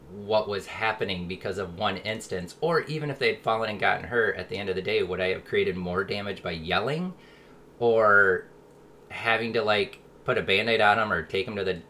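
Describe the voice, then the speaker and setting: A man's voice: on the low side, bright, forceful tone, slight background noise. A man, likely in his thirties, talking casually and earnestly as a podcast host, full of "like" fillers and small chuckles. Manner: rambling, frequent "like" fillers, earnest; chuckles now and then while talking. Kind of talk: casual reflective monologue.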